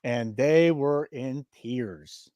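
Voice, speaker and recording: A man's voice: medium pitch, very slow, warm tone, no room sound, muffled recording. A man hosting a sports betting show, joking and mock-indignant in casual banter.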